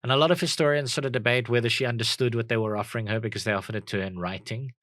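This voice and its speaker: Male podcast co-host, mid pitch, dry close sound, halting storyteller. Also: fairly even intonation, a bit bright, dry recording. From South Africa. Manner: storytelling with many ums and restarts. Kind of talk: casual comedy podcast chat.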